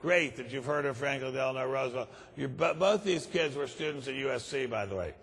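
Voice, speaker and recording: A man's voice: medium pitch, brisk, a bit bright, breathy edge. A man in his sixties from the Washington, D.C. area, telling a comic anecdote to a conference audience in a dry, sardonic way. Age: 60s. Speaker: conference speaker.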